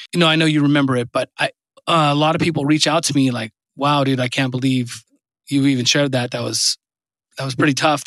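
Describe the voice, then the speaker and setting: Podcast host, adult man, mid-pitched, earnest and encouraging, dry sound. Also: fairly bright tone, no echo. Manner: earnest, encouraging, filler-heavy. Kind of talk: casual chat.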